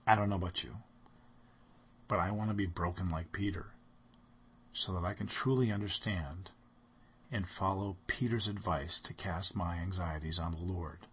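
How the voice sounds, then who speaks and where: A man's voice: low-pitched, fairly even intonation, normal speed, pauses often, a bit bright, husky. A man delivering a sermon, speaking earnestly and reading scripture aloud with rising emphasis. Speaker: preacher.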